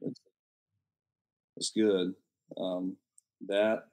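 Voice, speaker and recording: A young man speaks as a guest on a podcast. His voice sits low, and his manner is laid-back and self-mocking. He often lets his sentences trail off quietly. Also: level tone, very slow. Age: young adult. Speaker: country music singer, podcast guest. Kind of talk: casual chat.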